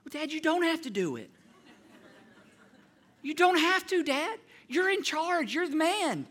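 A man's voice: big pitch swings, a little slow, fairly bright tone, heavily acted. A man voicing himself as a cheeky young boy who pleads and bargains with his father. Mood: wheedling. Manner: high wheedling plea.

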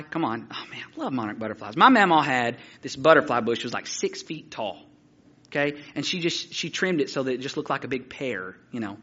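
Animated preacher man, bright voice. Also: on the high side, highs cut off. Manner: animated storytelling, excited and halting. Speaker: pastor. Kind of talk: sermon.

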